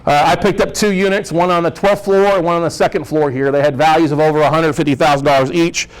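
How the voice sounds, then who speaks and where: A man speaking to a real estate investor group, telling stories in an animated, joking way and laughing often. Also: fairly high pitch, fast, low-quality recording. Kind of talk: storytelling presentation.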